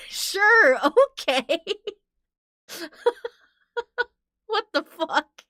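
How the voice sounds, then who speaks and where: A woman's voice: very high voice, sing-song, drawn-out words, sharp tone, a little hiss or hum. A woman from New Jersey giving game commentary as a streamer, giggly, profane and incredulous.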